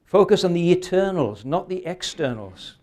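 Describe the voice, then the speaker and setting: A man's voice: sits high, animated, moderate pace, darkish tone. A man in his sixties preaching a sermon, earnest and emphatic, often ending points with rhetorical questions. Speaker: pastor.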